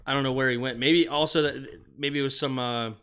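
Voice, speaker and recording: A man's voice: mid-range voice, fairly even intonation, a little fast, fairly bright tone, clean tone. A man hosting a live stream, calling football plays in short bursts and chatting about viewer comments. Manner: reads viewer comments aloud and answers them; calls plays in short clipped phrases. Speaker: livestream sports host. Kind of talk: live play-by-play and chat reading.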